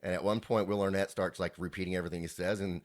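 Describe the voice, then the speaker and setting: Laid-back lower-voiced man chatting. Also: fairly even intonation, quick pace. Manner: chatty, laughs often, retells scenes with quoted lines. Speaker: podcast co-host. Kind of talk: casual chat about a TV show.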